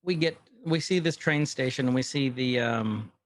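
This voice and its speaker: A man co-hosting a podcast, chatting casually and rambling as he retells scenes. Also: mid-range voice. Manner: rambling, retells scenes with quick quoted lines. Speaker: podcast co-host. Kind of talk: casual chat recapping a TV episode.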